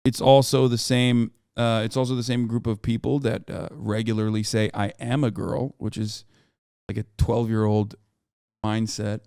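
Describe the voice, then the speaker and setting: A man's voice: mid-range voice, little pitch movement, normal speed, a little mellow, clear, resonant tone, dry recording, studio quality. A man in his thirties giving casual, profane live-stream commentary on the news and reacting to his chat. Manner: brash, profane, riffing on chat.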